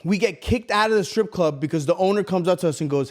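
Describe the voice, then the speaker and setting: A man co-hosting a podcast, telling a long story in a casual, profane, animated way. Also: high-pitched, fast, hardly any pauses. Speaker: podcast co-host.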